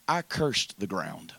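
A preacher voicing God, low and stern. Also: male voice, vocal fry, breathy edge, no echo, exaggerated voice. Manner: slow, aggrieved, quietly rebuking. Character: God, stern and wounded, questioning a man.

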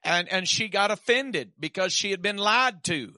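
Guy preaching, lots of "and, and" restarts then loud points, sharp voice, dry close sound. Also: high-pitched, expressive, no echo. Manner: halting restarts, building to emphatic declarations. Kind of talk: sermon.

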